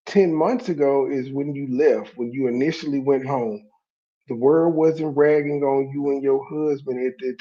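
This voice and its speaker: A man's voice: mid-range voice, warm tone, muffled recording. A man giving blunt, mocking reaction commentary with heavy swearing.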